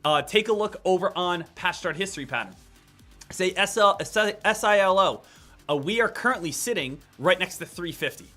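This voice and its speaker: A man giving live stock trading commentary in an energetic way, hammering home points with repeated phrases. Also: high-pitched, moderate pace, faint music behind.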